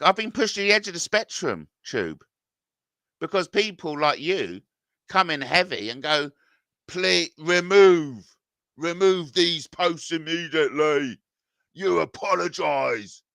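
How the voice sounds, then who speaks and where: A man's voice: fairly high pitch, very animated, normal speed, pauses often, pushed and bright, dry recording, clean studio sound. Agitated man ranting at comments. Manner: agitated, swearing, voice climbs when confronted. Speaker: YouTuber reading comments. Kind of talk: ranting reaction to viewer comments.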